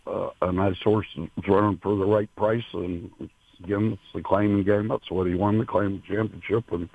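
A man, a racehorse owner, being interviewed over the phone, talking in a halting way with many fillers and restarts, emotional. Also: sits low, steady tone, vocal fry, no echo. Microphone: telephone. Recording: tinny phone line.

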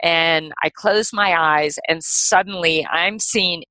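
A middle-aged woman, a podcast guest, telling a personal story in a casual, animated way with lots of "like" and "you know". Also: lowish voice, takes it slowly, no room sound, poor audio.

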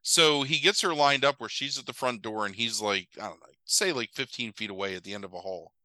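A podcast co-host recaps a movie, his mid-range male voice brisk as he rambles, swears, and acts out characters' lines in an animated retelling. The recording is dry and rough.

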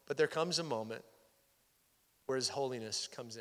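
A man's voice: medium pitch, animated, moderate pace, fairly bright tone. A male pastor giving a Sunday sermon in a conversational way, sometimes dropping to a near-whisper. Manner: conversational, drops to near-whisper for intimate points. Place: church sanctuary. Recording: hall reverb.

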